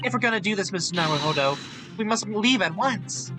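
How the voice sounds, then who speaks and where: A man putting on an eager, polite young woman from a courtroom game, voice raised and lively. She talks formally and courteously. Game music sits behind her. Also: high voice, fairly quick, voice pushed up. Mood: earnest. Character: polite, earnest young Japanese woman assistant.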